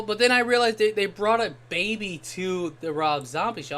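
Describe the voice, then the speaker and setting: A man streaming a game and telling a rambling story in casual chat, swearing freely and getting animated when he quotes people. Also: high voice, fairly quick. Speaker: gaming streamer. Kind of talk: casual storytelling while gaming.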